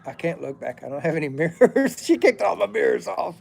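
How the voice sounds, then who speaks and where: Rambling middle-aged man, higher voice. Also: very animated, a little fast, gravelly, a little mellow. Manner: rambling, greets viewers mid-story. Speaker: plumber telling stories on a live stream. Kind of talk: casual rambling storytelling. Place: outdoors beside a fire.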